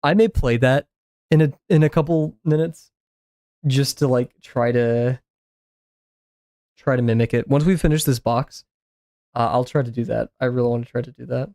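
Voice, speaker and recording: A man's voice: medium pitch, moderate pace, long pauses, darkish tone, no echo, studio quality. A man chatting casually while he draws on a stream, rambling with lots of fillers and restarts. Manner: rambling, filler-heavy musing. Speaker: art streamer. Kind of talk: casual chat while drawing.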